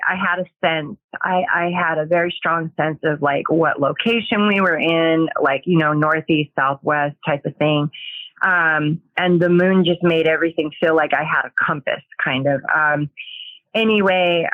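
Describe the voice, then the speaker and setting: A woman sharing a personal testimony in a hesitant, halting way, pausing often as she recounts her story. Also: low voice, no echo, phone-quality sound. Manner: hesitant, halting, with many pauses.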